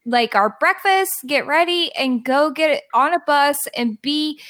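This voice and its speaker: A young adult woman on a podcast, telling a story in an animated, exasperated way and swearing freely. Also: high-pitched, measured pace, no room sound. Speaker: guest podcaster. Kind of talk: casual storytelling.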